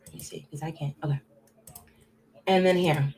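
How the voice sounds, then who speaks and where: A woman hosting a casual livestream, rambling and chatting directly to her viewers, swinging between loud bursts and muttered asides. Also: low voice, fairly even intonation, normal speed. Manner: rambling, chatty, talks straight to chat viewers. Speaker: livestream host.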